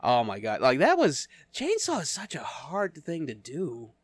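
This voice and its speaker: A man's voice: fairly high pitch, wildly swooping pitch, a little slow, slightly rough, no room sound. A man co-hosting a podcast in casual chat, stammering and laughing often. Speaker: podcast co-host.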